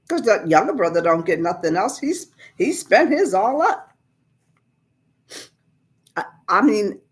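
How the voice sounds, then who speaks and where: A woman's voice: fairly high pitch, big pitch swings, a little slow, long pauses. A woman preacher giving a conversational Bible lesson, explaining scripture in plain everyday words.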